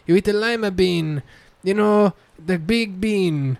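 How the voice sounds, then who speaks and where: A man's voice: very high-pitched, fairly even intonation, normal speed, creaky, fairly bright tone, no echo, voice pushed up, full character voice. A man voicing a rambling Portuguese-American guy, with an exaggerated fake accent and lots of stammered repeats. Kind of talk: comedic character bit.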